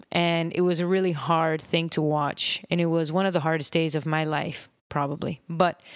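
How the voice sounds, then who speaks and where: A woman with a low voice hosts her own podcast in an unedited, reflective monologue. She rambles gently, with soft laughs and pauses. The sound is close and dry. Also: smooth, no echo. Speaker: podcast host.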